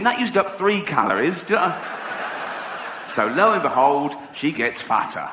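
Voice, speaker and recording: English male stand-up comic, fairly high voice, sardonic and profane, noisy live venue. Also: big pitch swings, moderate pace. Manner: sardonic, profane, laughs at own jokes. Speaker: stand-up comedian. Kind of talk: stand-up comedy.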